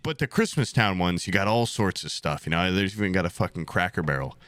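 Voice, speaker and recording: A man's voice: deep voice, expressive, a little fast, fairly bright tone, smooth, no room sound. A young man co-hosting a podcast in casual, jokey chat, swearing freely. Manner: swearing, jokey, mimics voices of others in bursts. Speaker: podcast co-host.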